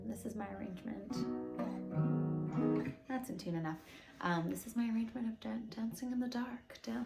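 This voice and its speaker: A woman singer-songwriter talking casually and softly between songs, quick and offhand, with many ums. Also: medium pitch, gravelly. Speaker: singer-songwriter performing a guest set. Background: her own acoustic guitar.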